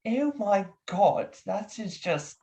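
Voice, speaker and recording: Man playing a fussy old London doctor, prim and posh, higher pitched, for a comedy bit. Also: animated, slow, mellow, exaggerated voice. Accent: London English. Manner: prim, overly polite. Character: prim posh older male English doctor.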